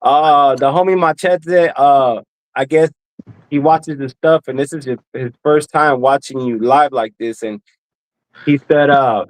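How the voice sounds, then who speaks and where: A man hosting a live stream, chatting in a relaxed, slangy way. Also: mid-range voice, a little slow, no room sound, low-quality recording. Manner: relaxed, slangy, says bro a lot. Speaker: host. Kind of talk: casual chat. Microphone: live stream call.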